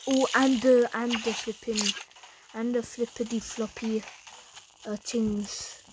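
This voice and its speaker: A woman's voice: on the high side, fairly even intonation, slow pace, noisy background. A woman giving casual, self-mocking commentary while playing a video game, laughing often. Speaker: gaming YouTuber.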